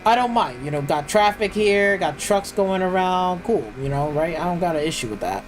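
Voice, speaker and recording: A man's voice: high-pitched, animated, moderate pace, slight background noise, rough recording. Profane ranting man streaming gameplay. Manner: loose, filler-heavy, restarts. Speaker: gaming streamer. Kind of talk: live gameplay commentary.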